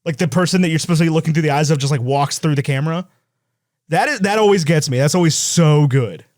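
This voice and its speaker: A man's voice: fairly high pitch, a little mellow, dry recording, clean studio sound. Rambling, chatty male podcast co-host. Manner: fast, rambling, laughs while telling stories. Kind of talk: casual chat.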